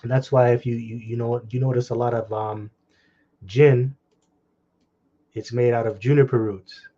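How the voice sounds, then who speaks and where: A man's voice: mid-range voice, steady tone, mellow, lo-fi sound. A man preaching online, reading scripture aloud and commenting with heated, scornful remarks and crude insults. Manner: reads scripture slowly, then comments fast.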